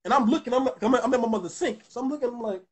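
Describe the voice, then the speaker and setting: Young man, raspy, higher pitched, casual profane vlog storytelling, lots of restarts. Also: very fast, darkish tone. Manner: rambling, profane, full of restarts. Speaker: vlogger addressing his viewers.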